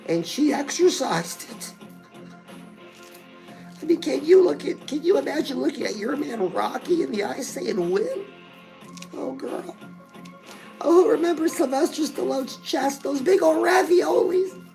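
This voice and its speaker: A middle-aged woman with a high voice and a gravelly edge hosts a comedic fitness show. She talks in a gushing, chatty stream and keeps calling her viewers girl. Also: very animated, measured pace, pauses often, dark tone, soft background music, poor audio. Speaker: fitness and lifestyle show host. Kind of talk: comedic character monologue.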